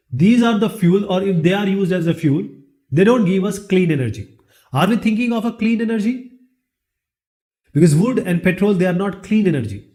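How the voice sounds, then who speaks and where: A man with an Indian English accent delivers a classroom lecture in a fairly high voice. He keeps asking the class rhetorical questions and answers each one himself. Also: a little mellow. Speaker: teacher.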